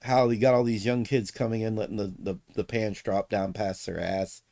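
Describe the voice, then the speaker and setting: A man's voice: fairly low pitch, little pitch movement, normal speed, warm tone, no echo. Blunt, opinionated man streaming. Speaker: streamer host. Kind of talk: casual chat on a livestream.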